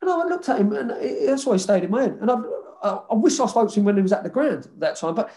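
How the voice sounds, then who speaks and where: Telling stories quickly in a high voice, an ex-footballer in a laid-back interview curses and vividly re-enacts conversations with quoted dialogue.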